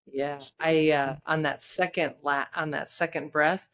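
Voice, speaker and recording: A woman hosts a podcast in casual, enthusiastic chat. Her voice sits a little low as she eagerly shares a personal story. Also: fairly even intonation, measured pace, a bit bright. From United States. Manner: enthusiastic, tells personal stories. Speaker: podcast host.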